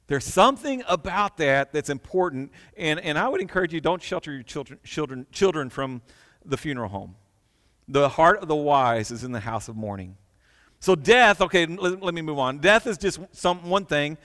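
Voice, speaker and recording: A man's voice: on the high side, animated, normal speed, a bit bright, big-room sound. A man preaching a sermon as a pastor, earnest, with repeated words and rhetorical questions. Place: church.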